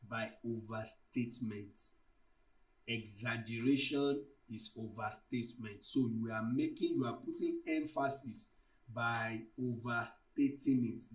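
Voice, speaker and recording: A male tutor gives a slow, measured lecture and walks through each example step by step. His voice sits at an ordinary middle pitch. It sounds a little distant, as if he is standing some way back from the microphone. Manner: deliberate, explains terms with worked examples. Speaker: literature tutor. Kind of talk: exam-prep lecture.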